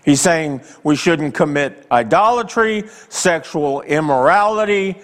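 A man preaches to a congregation, leaning hard on each phrase and letting long pauses hang. His voice rises and falls widely and sits a little higher than most men's. A long reverb trails every line, like a large sanctuary. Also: expressive, fairly bright tone. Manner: slow, emphatic preaching with dramatic pauses; asks the congregation direct questions. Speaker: pastor. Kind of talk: sermon.

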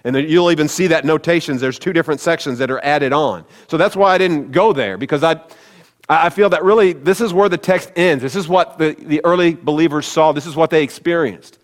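A man's voice: a little high, a little fast. Man preaching in a reverberant hall. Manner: conversational, speaks directly to the congregation. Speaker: pastor. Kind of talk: sermon.

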